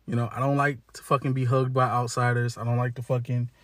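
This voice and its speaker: A man's voice: medium pitch, little pitch movement, fast talker, fairly bright tone, dry recording, clean studio sound. A man ranting in a casual, blunt monologue, cursing heavily and talking in slang, with lots of restarts. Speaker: monologue speaker. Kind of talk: profane casual rant.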